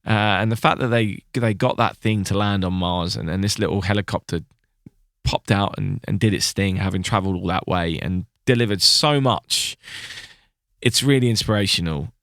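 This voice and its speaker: A man's voice: low voice, moderate pace, creaky, a bit bright, dry recording. Chatty man podcast host. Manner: chatty, restarts a lot, laughs easily. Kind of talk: casual chat.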